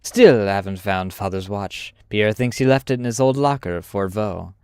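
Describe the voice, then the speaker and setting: Man doing a tired young French soldier, faint French lilt, lowish voice, dry close sound. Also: moderate pace, darkish tone, clear, resonant tone, no room sound, lightly acted. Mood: weary. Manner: reads a letter aloud with a faint put-on French inflection. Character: weary young male French soldier writing home.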